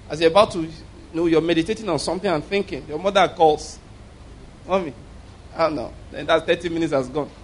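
A man's voice: on the high side, a little hiss or hum, poor audio. A man preaching a sermon in an emphatic storytelling manner, often chuckling as he makes his points.

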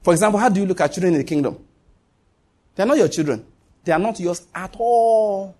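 Husky high-voiced pastor preaching. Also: male voice, lively intonation, fairly quick, darkish tone. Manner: emphatic, repeats key lines, joking asides. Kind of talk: sermon.

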